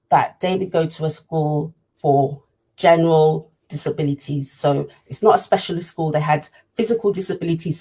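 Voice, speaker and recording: Woman, parent telling her story; husky, earnest, repeats herself for emphasis. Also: low voice, mellow. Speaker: parent sharing her experience. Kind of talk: personal storytelling talk.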